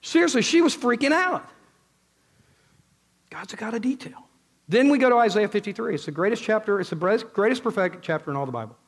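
A man preaches with a high, bright-pitched voice that climbs even higher when he gets excited. He is emphatic and animated, dropping into low, intense passages when he quotes scripture. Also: fast talker. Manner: emphatic, swings from loud exclaiming to low intense delivery; quotes scripture and retells stories in others' voices. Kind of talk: sermon.

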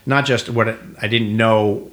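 Deep-voiced man telling stories. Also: unhurried. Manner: animated storyteller acting out quoted dialogue. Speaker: guest actor. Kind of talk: casual storytelling.

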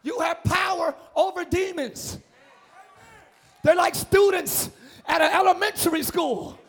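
A male pastor preaching a fiery, shouted sermon at a live church service, calling out for responses from the congregation. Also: very high-pitched, a little slow, pauses often.

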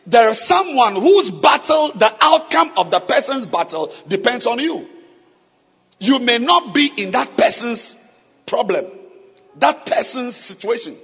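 A man preaching a sermon, with long pauses and sudden shouts. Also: very high-pitched, husky. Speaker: pastor. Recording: dull sound with long hall reverb.

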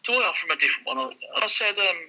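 A used car dealer tells a casual anecdote, acting out the people in it with lively energy. His voice is high-pitched and rapid-fire, and the recording is rough.

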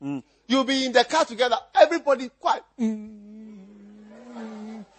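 A man preaching a sermon as pastor, teasing his listeners with repeated lines and breaking into shouts and laughter. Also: very high voice, lively intonation, a little slow.

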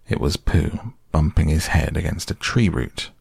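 A man narrating a children's storybook in a slow, measured way. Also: very deep voice, creaky, darkish tone, slightly rough, no echo, studio quality. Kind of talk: storybook reading.

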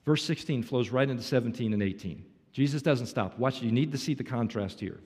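A man's voice: mid-range voice, brisk, a little mellow, breathy edge. A man pastor giving an earnest, emphatic sermon to his congregation, asking rhetorical questions as he preaches. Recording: long reverb in a large hall.

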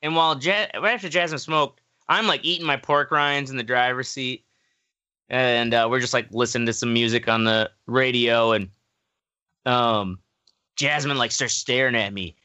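A man's voice: medium pitch, normal speed, bright, forceful tone, muffled recording. Rambling man telling a story. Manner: rambling, laughing, lots of fillers. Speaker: podcast co-host. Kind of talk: casual storytelling.

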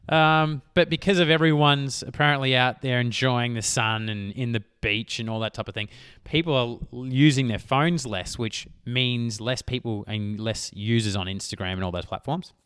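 Rambling on his own podcast, a thirty-something business coach chats casually and keeps correcting himself mid-sentence. His mid-range voice is a bit bright and clean, moving at a moderate pace, in a dry, studio-quality recording.

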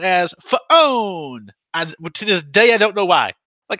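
A man's voice: high-pitched, animated, moderate pace, sharp tone, no room sound, lo-fi sound. A man in his thirties co-hosting a podcast, telling rambling, profane stories in casual chat. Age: 30s. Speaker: podcast co-host.

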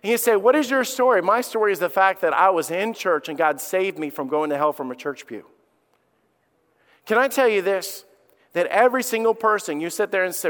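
Middle-aged guy pastor, kinda high voice, preaching a story, gets loud and punchy at the big points, long church hall echo. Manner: earnest storytelling, rising to loud emphatic peaks. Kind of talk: sermon. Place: church sanctuary. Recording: long reverb of a large hall.

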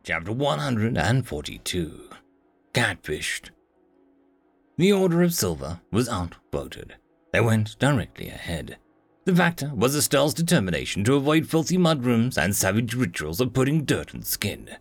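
A man narrating a fantasy novel as an audiobook, in an expressive storytelling reading. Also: medium pitch, moderate pace, soft background music.

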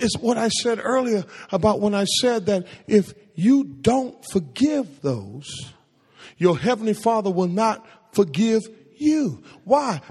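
A man's voice: high voice, slightly rough. A man preaching a sermon in a church sanctuary, using call-and-response and repeating phrases for emphasis. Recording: echoey hall with long reverb.

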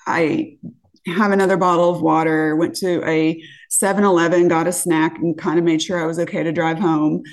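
A woman's voice: fairly low pitch, level tone, moderate pace. A woman from California, a podcast guest, telling a dating story casually, acting out quotes and swearing freely.

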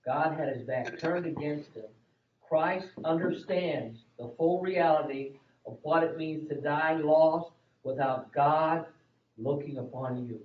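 A man in a Bible study discussion who speaks in a reflective, measured way. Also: a little high. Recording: echoey, dull lo-fi recording.

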